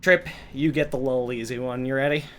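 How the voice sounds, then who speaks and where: A man's voice: medium pitch, steady tone, brisk. A man running a tabletop game on a live stream, explaining lore in a loose way with many fillers. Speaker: game master.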